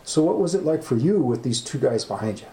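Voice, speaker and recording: A man hosts a relaxed chat and asks the guides about the trip. His voice is mid-pitched and mellow, and the room is echoey with faint noise. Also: brisk. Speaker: interviewer. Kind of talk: casual interview questions.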